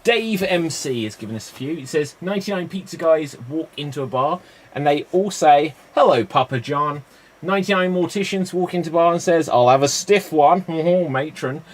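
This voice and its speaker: A man hosting a live improv comedy stream, telling quick joke setups and calling on players by name with easy chuckles. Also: on the high side, lively intonation. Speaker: improv show host.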